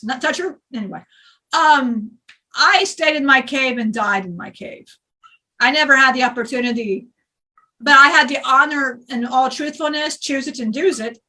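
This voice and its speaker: A boisterous male spirit with a bar-room swagger rambles and jokes, as a woman channels him. The voice sits high and bright and is heard a little off the mic. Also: distant mic. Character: rowdy joking male spirit, a bar-loving flirt.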